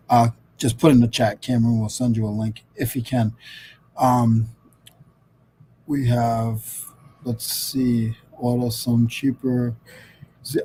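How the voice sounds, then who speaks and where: A middle-aged man with a mellow, relaxed tone hosts a casual livestream chat, heard over a video call. He rambles along with plenty of fillers and restarts, and a faint noise sits under his voice. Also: mid-range voice, poor audio. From Rhode Island. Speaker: host.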